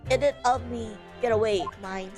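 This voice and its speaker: An older Irish man, genial and a little self-righteous, spins his tale in an unhurried brogue, as a woman puts him on. The voice sits high, with music playing clearly under it. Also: a little mellow, lightly acted. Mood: folksy. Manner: folksy storytelling with a put-on brogue.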